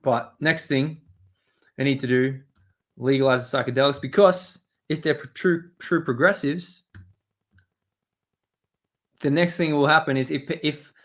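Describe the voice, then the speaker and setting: A man's voice: medium pitch, fairly even intonation, unhurried, long pauses, fairly bright tone. A man hosting a live stream, rambling and swearing as he reads and answers his chat. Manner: rambling, profane, talks to chat. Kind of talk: casual live-stream commentary.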